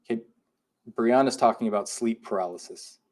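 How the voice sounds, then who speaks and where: A man's voice: mid-range voice, normal speed, darkish tone. A man co-hosting a live podcast, reading listener comments aloud and reacting to them. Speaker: podcast co-host. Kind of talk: casual live podcast chat.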